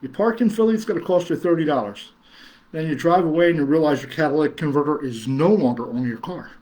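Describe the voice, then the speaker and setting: A man's voice: fairly high pitch, fast talker, a little mellow. Rambling man, chatty host. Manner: rambling, chuckling, many fillers and restarts. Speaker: horror host reading live chat. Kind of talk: casual livestream chat.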